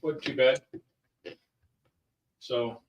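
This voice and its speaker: A man's voice: mid-range voice, steady tone, extremely slow, noisy background. A father hosting a family vlog, chatting casually and rambling with plenty of ums and sos. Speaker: father and channel host. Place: home kitchen. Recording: roomy, from a distance.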